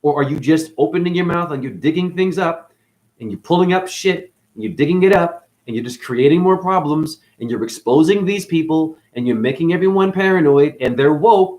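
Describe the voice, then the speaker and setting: A man hosting a rambling esoteric monologue, jumping between wordplay and sudden loud and soft swings, calling his listeners honey. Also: on the high side. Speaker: channel host.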